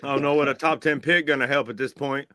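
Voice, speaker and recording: A man co-hosting a casual sports podcast, arguing his side with animated rhetorical questions. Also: mid-range voice, fast, no room sound. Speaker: podcast co-host.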